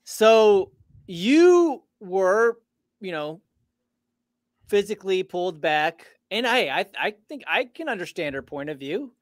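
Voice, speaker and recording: A man hosting a casual interview, talking haltingly with frequent laughs and restarts. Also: high-pitched, sing-song, dry recording, studio quality. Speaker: host.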